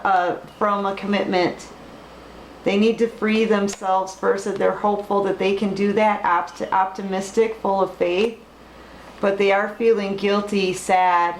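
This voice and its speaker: A woman giving a late-night tarot reading, emphatic, repeating words and trailing off with fillers. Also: medium pitch. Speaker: tarot reader. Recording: echoey room with faint background noise.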